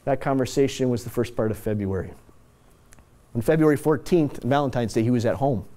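A man's voice: mid-range voice, brisk, mellow. A man giving a conversational keynote talk built around anecdotes, with casual, self-deprecating asides. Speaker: corporate speaker.

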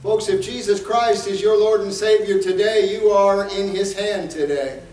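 A man preaching a sermon as pastor, fervent and rising to shouts at times. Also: high-pitched, moderate pace, echoey room, distant mic, slight background noise, low-quality recording.

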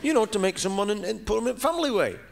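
A man's voice: sits high, expressive, racing, creaky. A middle-aged man with a Lancashire accent telling a rambling stand-up story on stage, peppered with "you know". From Lancashire, England. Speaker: stand-up comedian. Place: stage in front of a live audience. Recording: live stage recording with noise.

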